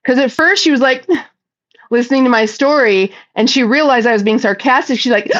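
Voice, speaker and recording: On a casual livestream, a woman reads viewer comments out loud and fires back bluntly, talkative and swearing plenty. Her fairly high, fairly bright voice moves at normal speed through a slightly muffled, lo-fi recording.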